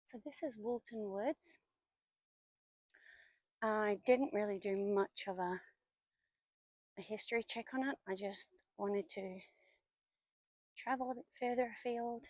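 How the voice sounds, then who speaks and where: A woman's voice: mid-range voice, slow pace, pauses often, darkish tone, dry recording, low-quality recording. A woman in her forties who chats and tells stories while walking outdoors through woods, now and then dropping to a whisper. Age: 40s. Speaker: vlogger. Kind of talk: casual walking vlog narration. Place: outdoors in woodland.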